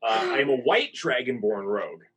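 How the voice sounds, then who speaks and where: A man playing a tabletop game, describing his character with halting restarts. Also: mid-range voice, animated, fairly bright tone, breathy edge, poor audio. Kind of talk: casual tabletop game chat.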